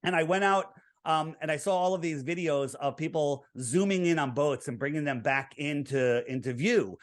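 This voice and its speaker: In an interview, a man whose voice is a bit higher than typical for a man explains himself earnestly, almost lecturing. At a moderate pace, he guides the listener through his figures one step at a time.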